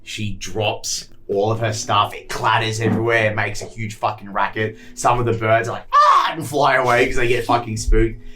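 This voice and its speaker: A man's voice: on the low side, flat delivery, normal speed, hardly any pauses, over music. A man narrating as game master of a tabletop game, loose and rambling with lots of fillers and casual swearing. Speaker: dungeon master.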